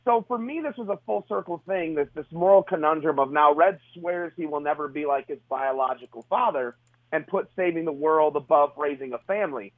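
A man's voice: on the high side, fairly quick, no room sound. A middle-aged man, an author guest, talking casually and earnestly in an interview, often restarting his sentences. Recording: tinny phone line.

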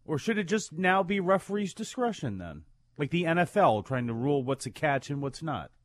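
A man's voice: on the high side, sing-song, moderate pace, no echo, clean studio sound. A man co-hosting a casual wrestling talk show, rambling with many "you know"s and restarts. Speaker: podcast co-host.

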